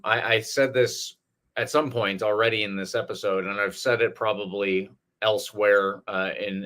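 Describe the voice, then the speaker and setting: A man's voice: fairly low pitch, fairly bright tone. A man from Scotland co-hosting a sports podcast, talking in a thoughtful, hesitant way with many restarts. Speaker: podcast co-host. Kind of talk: casual podcast chat.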